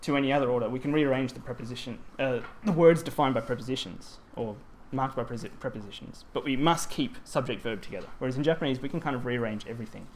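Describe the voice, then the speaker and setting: A man's voice: mid-range voice, fast, few pauses, a little hiss or hum. A man presenting at a language teaching symposium, explaining grammar in a conference talk with frequent ums and self-corrections.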